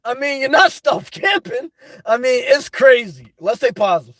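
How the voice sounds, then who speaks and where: A man hosting a livestream from inside his car, reading out viewer comments and answering bluntly, often breaking into loud, laughing rants. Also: extremely high pitch, expressive, normal speed, no echo, clean studio sound. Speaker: livestream host. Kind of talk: live-stream chat reading.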